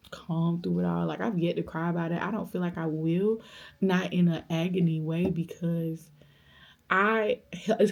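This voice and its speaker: A young woman tells a personal story straight to camera in a relaxed, chatty vlog. Her voice sits a little low, with a gravelly fry, and she slips into other people's voices as she tells it. The talk is warm with faith and easygoing in rhythm. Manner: animated storyteller, acts out quoted voices; faith-filled, speaks of God, conversational. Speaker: vlogger. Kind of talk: storytime vlog, casual chat.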